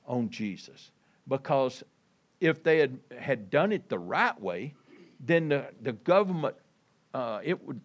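A man preaching a sermon in a folksy, conversational way, reading scripture and talking to his listeners as folks. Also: medium pitch. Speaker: pastor.

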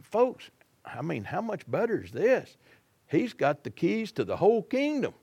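A man's voice: sits high, huge pitch swings, measured pace, creaky, a little mellow, slightly rough. A man preaching a sermon in a folksy, dramatic way, acting out the people in the story.

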